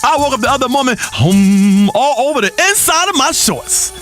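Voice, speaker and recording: An actor playing a flamboyant, erratic radio health guru who rants theatrically, swinging from crooning to shouting. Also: male voice, extremely high pitch, lively intonation, moderate pace, soft background music. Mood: manic. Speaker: radio talk show host. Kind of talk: comedic radio show acting.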